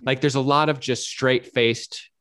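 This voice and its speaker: A man's voice: medium pitch, steady tone, a little slow, fairly bright tone, no room sound, clean studio sound. A man co-hosting a casual talk show, speaking with enthusiasm, laughing often and restarting his sentences as he rambles. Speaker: podcast co-host. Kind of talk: casual chat about horror films.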